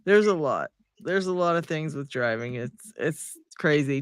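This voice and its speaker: A man's voice: fairly high pitch, animated, slow, clear, resonant tone, no echo, studio quality. A man hosting a livestream in casual chat, laughing often and reading out viewer comments. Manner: chatty, laughs often, reads comments aloud. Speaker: livestream host.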